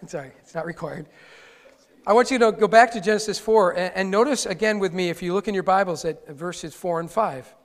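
A man's voice: sits high, brisk. A male pastor preaching a conversational sermon with wry asides to his congregation. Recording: long hall reverb.

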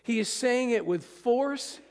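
A pastor preaches a sermon in a high, gravelly voice, his words trailing off into the long reverb of a big church hall. Animated and slow-paced, he addresses his congregation directly and emphatically, moving between hushed and forceful.

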